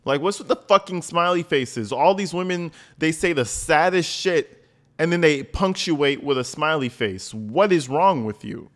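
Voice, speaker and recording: A man's voice: a little high, animated, measured pace, fairly bright tone. A man giving profane reaction commentary, blunt, crude and mocking.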